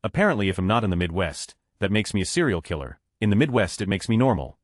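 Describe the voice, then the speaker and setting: A man's voice: fairly low pitch, big pitch swings, fast talker, dry recording, studio quality. A man reading numbered online stories aloud as scripted narration. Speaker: narrator of reader posts.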